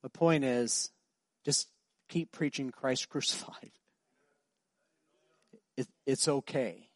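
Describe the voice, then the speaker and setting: A man preaching a sermon, telling a story and building to loud, emphatic preaching. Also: medium pitch, slow, no room sound, clean studio sound. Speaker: pastor.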